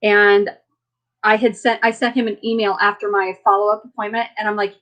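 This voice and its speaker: A woman hosts a casual live stream chat in a mid-pitched voice. She rambles from story to story, restarting her sentences and often breaking into laughter. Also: flat delivery, a little fast, fairly bright tone, poor audio. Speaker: livestream host.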